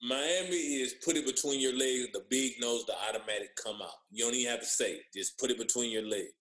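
Animated storytelling man in an echoey room. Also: medium pitch, fast. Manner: animated storyteller, acts out others' lines. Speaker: former pro basketball player guest. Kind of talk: casual storytelling on a podcast.

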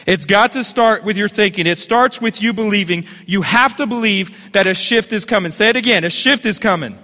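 A church pastor preaches fervently, calling on listeners to repeat phrases back to him. His high-pitched voice is sharp and fairly quick, and it rings out in a large hall.

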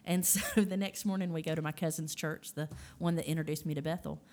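A woman telling her testimony as a podcast guest, her voice sitting a little low for a woman. She speaks casually and with animation, slipping into the voices of people she quotes. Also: steady tone, quick pace, a little mellow. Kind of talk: casual storytelling.

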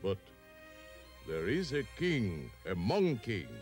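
An actor voicing a solemn, kindly old wise king in a 1960s animated film, speaking slowly over violin music. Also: lowish voice. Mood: grave. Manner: slow, measured, kindly. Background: soft violin music.

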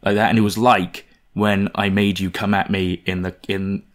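A man in casual conversation, telling a personal story in an animated, self-deprecating way. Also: low-pitched, moderate pace.

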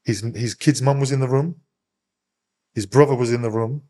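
A young man, a podcast guest, bluntly retelling events with heavy swearing and animated energy. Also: medium pitch, moderate pace. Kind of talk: casual interview storytelling.

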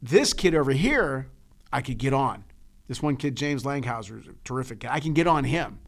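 Male coach, gravelly, candid and emotional, casual talk with lots of restarts. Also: mid-range voice, expressive, brisk. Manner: emotional, repeats words and restarts, tells stories. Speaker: coach and podcast co-host. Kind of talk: casual chat.

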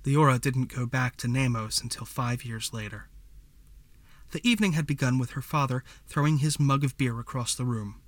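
A man narrating a fantasy story as a scripted audiobook reading, in a measured storytelling manner. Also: medium pitch, no room sound.

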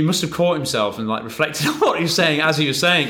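Talking fast in a fairly high voice, a UK swim coach rambles animatedly through stories during a casual interview.

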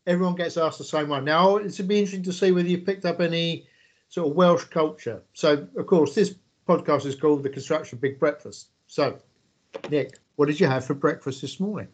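Rambling podcast host, a man with a higher voice. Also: brisk. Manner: rambling, with many filler "uh"s. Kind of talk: casual podcast interview.

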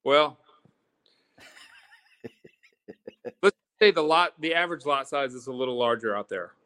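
A man from Florida, a guest at a bar, explains things in a halting way and trips over repeated words as he goes. He speaks at a middling pitch, with nothing strained or unusual in his voice. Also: animated, bright, forceful tone, clear, resonant tone. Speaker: distillery guest. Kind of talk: casual chat at a bar.

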